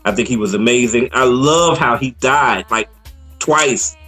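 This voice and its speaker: A man co-hosting a casual movie review chat, relaxed and laughing often as he acts out lines from the film. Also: mid-range voice, a little slow, faint music behind.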